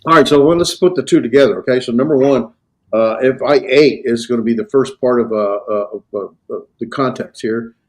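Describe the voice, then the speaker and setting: A man with an American Southern accent teaching a Greek class, explaining slowly with many fillers and restarts. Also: medium pitch. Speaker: Greek instructor. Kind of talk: classroom lecture and Q&A.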